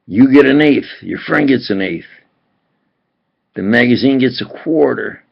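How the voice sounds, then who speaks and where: Man, slow husky gravelly talker, rambling agitated monologue, dull lo-fi home video sound. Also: mid-range voice, expressive.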